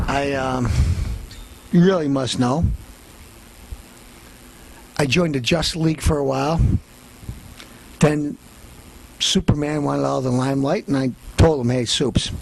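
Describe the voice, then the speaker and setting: A man playing a loud, boastful elder brother in a comedic character rant, ranting as guest host. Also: medium pitch, measured pace, creaky, long pauses, slight background noise, voice pushed down, rough recording.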